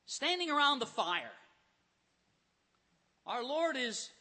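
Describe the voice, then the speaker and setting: A man preaching a sermon, retelling scripture stories with animated storytelling and acted-out voices. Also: very high-pitched, takes it slowly. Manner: animated storytelling, acts out characters.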